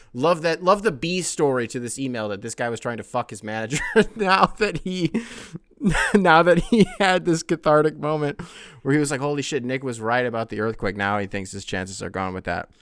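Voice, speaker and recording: Joking, animated male podcast host. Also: a little high, moderate pace, no room sound. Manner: animated, joking, often laughing, swearing. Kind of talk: casual podcast chat reading listener emails.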